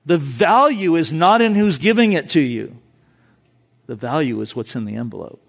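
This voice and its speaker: A man delivers a sermon in a fairly high voice. He talks to his congregation in a relaxed, conversational way with easy laughs, then climbs into loud, fervent stretches. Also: moderate pace, creaky. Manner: builds from calm to loud, fervent peaks; laughs easily, conversational asides. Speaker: pastor.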